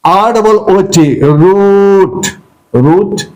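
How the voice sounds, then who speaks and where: A man's voice: high-pitched, animated, darkish tone, low-quality recording. A man teaching pronunciation, spelling out letters, repeating each word and often saying "okay, dear". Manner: slow and deliberate, spells out letters and repeats words. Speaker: English teacher. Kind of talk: pronunciation lesson.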